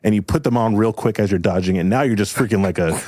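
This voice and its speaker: A man's voice: fairly low pitch, fast, warm tone, no room sound, studio quality. A man narrating an improvised tabletop game as game master, in a rambling, filler-heavy, amused way.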